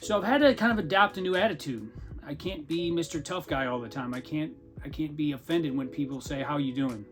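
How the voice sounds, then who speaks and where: A man talks frankly and casually into the mic, his voice sitting a little above the usual male range. He keeps it conversational and pokes fun at himself with dry humor. Soft music plays quietly behind him. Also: a little high, a little fast. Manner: frank, self-deprecating, conversational with wry humor. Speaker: podcast host. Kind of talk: candid personal monologue.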